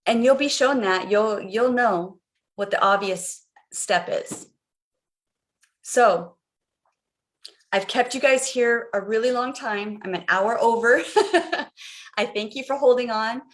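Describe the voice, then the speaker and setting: A woman's voice: a little high, slow, pauses often. Woman, middle-aged, life coach, live-stream talk, earnest, repetitive, guiding. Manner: earnest, repetitive, guiding listeners through visualization.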